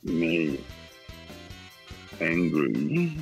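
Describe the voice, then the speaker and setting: A man's voice: low voice, wildly swooping pitch, drawn-out words, gravelly, soft background music, low-quality recording. A middle-aged Australian man, a football writer guest, chatting bluntly in a casual interview and telling emotional stories with lots of repetition.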